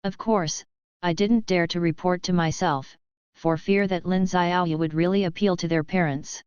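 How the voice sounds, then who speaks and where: Woman narrator, steady audiobook read, smooth lower voice, dry muffled recording. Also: moderate pace, no echo.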